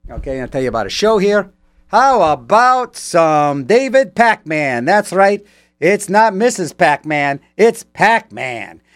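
A man's voice: sits high, big pitch swings, slow pace, fairly bright tone, no echo. A man hosting a radio show in a rambling, playful way, joking his way through the ads on a studio mic. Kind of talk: casual radio chat.

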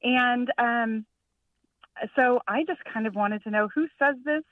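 A woman in her forties calling in to a radio show, chatty and quick to laugh. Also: fairly high pitch, dry recording, far from the mic. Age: 40s. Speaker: caller. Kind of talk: casual chat on a call-in show. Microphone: telephone. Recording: muffled phone line.

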